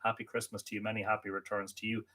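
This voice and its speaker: A man's voice: fairly low pitch, level tone, pushed and bright. Friendly Irish man greeting viewers. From Ireland. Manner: reads viewer comments aloud and greets each by name; friendly, with halting restarts. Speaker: livestream host. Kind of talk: live-stream chat with viewers.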